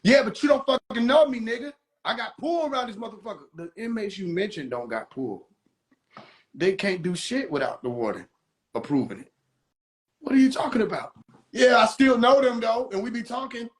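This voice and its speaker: A man's voice: sits high, normal speed. A man hosting a phone livestream, mocking people in a profane comedic rant. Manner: animated, mocking, swears constantly. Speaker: livestream host.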